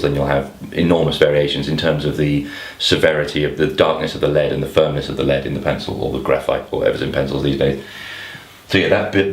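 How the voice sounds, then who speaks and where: Very deep-voiced man explaining clues. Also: roomy sound. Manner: thinks aloud, with restarts and asides. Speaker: crossword tutor. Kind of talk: explanatory lesson to camera.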